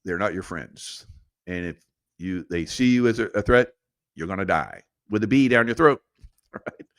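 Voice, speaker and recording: Middle-aged male host, lowish voice, rambling conspiratorial storyteller who chuckles a lot, close dry recording. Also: expressive, normal speed, no echo. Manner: rambling, conspiratorial, laughs often. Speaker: podcast host. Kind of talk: casual storytelling monologue.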